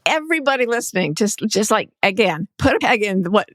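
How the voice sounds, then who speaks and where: A woman's voice: medium pitch, lively intonation, fairly quick, a bit bright, no room sound, clean studio sound. A woman life coach, a guest in an interview, explaining ideas earnestly, like a teacher. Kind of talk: conversational interview.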